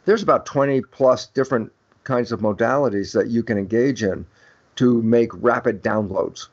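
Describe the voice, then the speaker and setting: A man's voice: medium pitch, moderate pace, darkish tone. Older man lecturing emphatically, dull audio. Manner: emphatic lecturing, acting out quoted dialogue. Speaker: guest expert. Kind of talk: podcast interview, explaining ideas.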